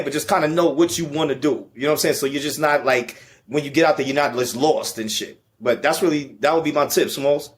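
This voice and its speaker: A man, the featured guest, telling a travel story in a casual, profane, slang-heavy way. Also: on the high side.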